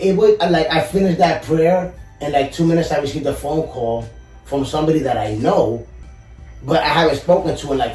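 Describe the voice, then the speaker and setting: A man's voice: on the high side, warm tone. A man guest on a podcast, earnestly telling a personal story in casual chat, often saying "you know". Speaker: podcast guest, collector and YouTuber. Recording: echoey room, far from the mic, faint music.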